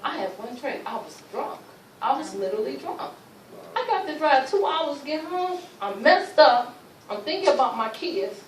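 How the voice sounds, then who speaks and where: A woman's voice: sits high, moderate pace, a little hiss or hum. Woman telling her testimony in a roomy hall. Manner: animated storytelling, acting out quoted speech; informal vernacular speech. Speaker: speaker sharing a personal testimony. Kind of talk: emotional personal testimony. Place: luncheon event room. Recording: roomy, distant mic, faint ambience.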